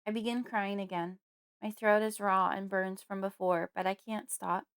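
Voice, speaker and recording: Smooth-voiced woman narrating horror. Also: mid-range voice, little pitch movement, a bit bright. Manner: measured, storytelling. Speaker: audiobook narrator. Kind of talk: scripted first-person horror narration.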